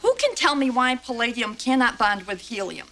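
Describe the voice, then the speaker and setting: A woman's voice: fairly high pitch, big pitch swings, normal speed. An actress playing a prim, condescending teacher of a class of gifted girls.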